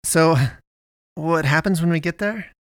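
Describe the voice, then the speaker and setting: Male narrator as a nervous young man, questions leaping up, gravelly edge. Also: on the high side, measured pace, fairly bright tone, no echo, clean studio sound, voice pushed up. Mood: bewildered. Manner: rising, incredulous questions. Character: bewildered, anxious young man lost after death.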